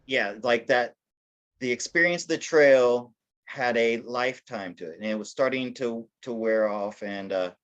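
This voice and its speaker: A man's voice: mid-range voice, unhurried, fairly bright tone, lo-fi sound. Rambling man telling his life story. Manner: rambling, with many restarts and self-corrections; self-deprecating, laughing at himself. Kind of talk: casual storytelling in an interview.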